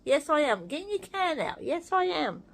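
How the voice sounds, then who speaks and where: A woman's voice: high-pitched, very animated, moderate pace, creaky, background noise. A half-asleep woman, chatting to her cats in cooing baby talk as she feeds them at home. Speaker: cat owner filming her cats. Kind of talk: casual talk to pets.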